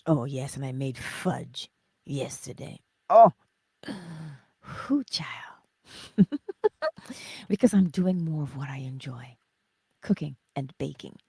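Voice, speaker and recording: Chatty middle-aged woman, mellow husky voice. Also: extremely low pitch, a little slow, pauses often, no room sound. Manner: chatty storytelling, drifts into soft whispers, laughs often. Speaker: host of a morning livestream. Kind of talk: casual spiritual chat to live viewers.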